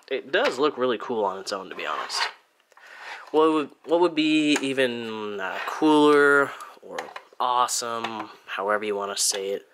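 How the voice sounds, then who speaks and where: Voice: medium pitch, lively intonation, normal speed, noisy background. A speaker from Germany giving a casual hands-on review of a toy figure, chatty and playful, with little sound effects along the way.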